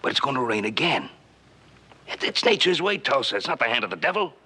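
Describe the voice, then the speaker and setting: An actor playing a steady, wise rancher patriarch in a 1960s TV western, talking calmly, firmly and persuasively. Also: male voice, mid-range voice, a little fast, slightly rough, full character voice. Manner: calm, firm and persuasive.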